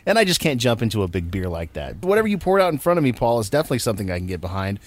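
A man's voice: on the low side, very animated, rapid-fire. A man hosting a radio show, chatting playfully and enthusiastically with guests in a studio. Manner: enthusiastic, playful, stumbling restarts. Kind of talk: lively radio banter.

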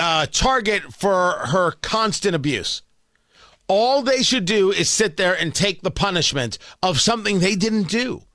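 A man with a New York accent hosts a morning talk radio show. His high voice bounces all over, and he sounds sarcastic and combative as he rambles through his rant. The sound is bright and dry, close up with no room around it. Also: no echo.

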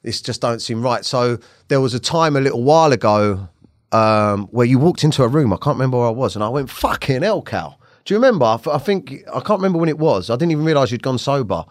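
A man's voice: medium pitch, lively intonation, fast, no echo, clean studio sound. A man hosting a podcast, stammering and restarting as he gets choked up, swearing casually. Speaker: podcast host. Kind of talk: casual chat.

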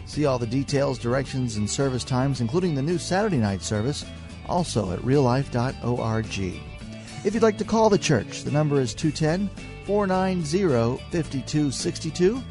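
A man reading a scripted radio outro in a smooth, even announcing voice. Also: mid-range voice, normal speed, music in the background.

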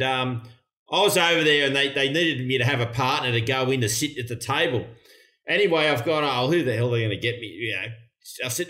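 A man's voice: medium pitch, bright, forceful tone. A man telling a story in casual chat, in an easygoing way. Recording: echoey room.

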